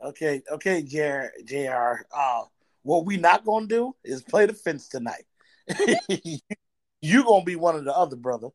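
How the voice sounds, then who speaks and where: A man's voice: on the high side, sing-song, normal speed. A man hosting a casual talk show, playful and speaking straight to his audience. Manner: playful, addresses audience directly. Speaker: show host.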